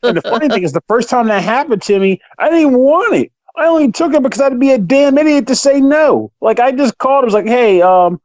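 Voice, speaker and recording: A man hosting a podcast in casual chat, ranting with animated delivery and acting out quoted exchanges. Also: very high voice, quick pace, hardly any pauses, no echo. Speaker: podcast host. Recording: dull lo-fi sound, dry.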